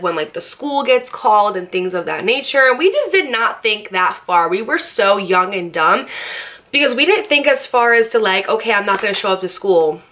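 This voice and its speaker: Bright-voiced young woman telling a story. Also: medium pitch. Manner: chatty and profane, full of "like". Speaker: vlogger. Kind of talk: casual storytime.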